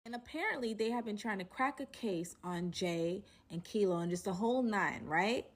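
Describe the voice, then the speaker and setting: A young woman spins a personal storytime for her audience in a loose, chatty flow. She talks to viewers directly, full of fillers and animated turns, at an ordinary mid pitch for a woman. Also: moderate pace, a little hiss or hum. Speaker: storytelling vlogger. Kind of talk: casual storytime narration.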